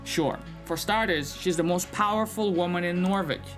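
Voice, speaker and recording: A man voicing a brash, hurried male goblin runner who talks down to the player in a bossy, mocking way. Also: sits high, fairly bright tone, faint music behind.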